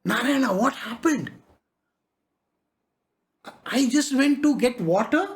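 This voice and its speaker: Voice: sits high, animated, slow, voice pushed up. A spiritual teacher voicing the sage Narada, a bewildered holy man who cries out in distress. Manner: crying out, distraught.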